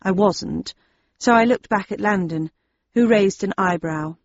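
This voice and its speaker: Woman narrator, wry and expressive, slightly husky, dull dry booth sound. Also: mid-range voice, a little slow, dry recording. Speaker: audiobook narrator. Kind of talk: first-person audiobook narration.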